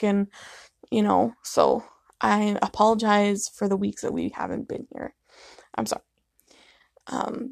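A woman's voice: mid-range voice, creaky, darkish tone, no room sound, clean studio sound. A young woman hosting a casual solo podcast from her living room late at night, sleepy and yawning, rambling and apologetic, laughing often. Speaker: podcast host.

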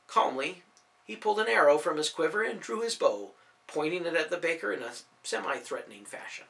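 A man narrating a storybook audiobook in an expressive, animated reading. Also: fairly high pitch, brisk, creaky.

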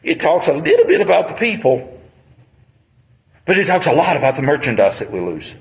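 A man's voice: fairly high pitch, huge pitch swings, fairly quick, low-quality recording. A man, preaching a sermon on a Bible passage in a conversational storytelling manner.

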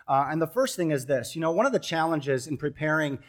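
A man in his thirties preaches from a church stage in a fairly high voice. He tells stories with a joking touch and breaks into sudden loud bursts. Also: expressive, a little fast. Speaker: pastor. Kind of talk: sermon with storytelling. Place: church stage before a congregation.

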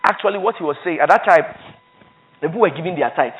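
A man's voice: on the high side, expressive, quick pace, fairly bright tone, poor audio. A man preaching a sermon as pastor, emphatic, repeating phrases for stress and reading scripture aloud.

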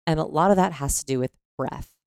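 A woman with a low, gravelly voice explains things conversationally, breaking into voice demonstrations mid-sentence. The sound is close and dry, with no room around her. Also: a little fast, darkish tone, dry recording.

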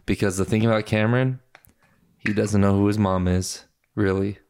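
A man's voice: lowish voice, fairly even intonation, normal speed, darkish tone, clean tone. A man hosting a casual, bantering podcast chat about a novel. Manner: playful, bantering. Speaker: podcast host. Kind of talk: casual book-review chat.

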